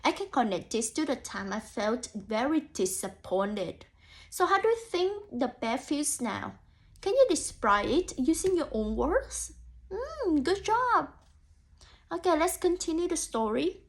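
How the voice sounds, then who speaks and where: In a high-pitched, sing-song, unhurried voice, a young woman student teacher reads a picture book aloud to children. She thinks out loud in an encouraging way, addresses imagined kids, and often says "so" and "mm."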